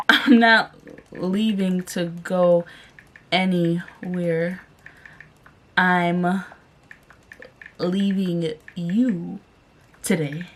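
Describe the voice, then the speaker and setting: A young woman talks to her viewers in a relaxed, giggly way, drawing out her words slowly. Her voice sits a little low. Faint background noise runs under the recording. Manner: giggly, reads lyrics out slowly. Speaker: YouTuber pranking her boyfriend by text. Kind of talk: casual vlog narration.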